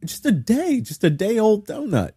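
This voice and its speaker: A man's voice: high voice, sing-song, normal speed, dark tone, husky. A man co-hosting a podcast in casual chat, rambling and easygoing, often trailing off. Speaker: podcast co-host.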